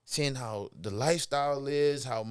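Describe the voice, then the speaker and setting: A man's voice: mid-range voice, normal speed, clear, resonant tone. Laid-back texan guy telling stories. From Texas. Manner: animated storyteller, slangy and laid-back. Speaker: podcast guest, former football player. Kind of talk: casual storytelling chat.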